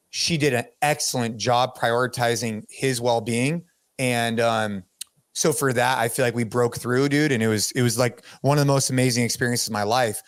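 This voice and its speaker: A middle-aged man hosting a podcast, telling a story in a casual, animated way, with lots of "dude" and "like". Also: mid-range voice, dry recording. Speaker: podcast host.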